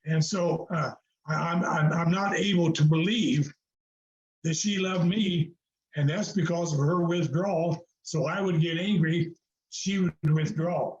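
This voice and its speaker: On a video call with roomy, flat-sounding audio, an older male guest speaks in a higher-than-average voice without hurrying. His storytelling is conversational yet preacherly and earnest, peppered with fillers and repetition.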